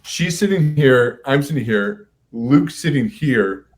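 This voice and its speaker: A man guests on a podcast and chats casually, his voice at a middling pitch. He fills in details of the story and laughs along with the others. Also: lively intonation, slow pace, slight background noise. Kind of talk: casual chat.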